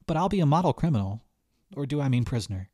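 A man's voice: mid-range voice, sing-song, fast, mellow, dry recording, clean studio sound, voice pushed up. A man voicing an earnest young girl stowaway, speaking in a raised, pleading voice. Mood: eager.

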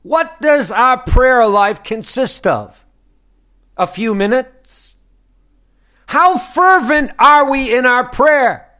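A man's voice: very high-pitched, animated, slow, bright, forceful tone. A man preaching a fervent sermon on a broadcast, pressing listeners with repeated questions.

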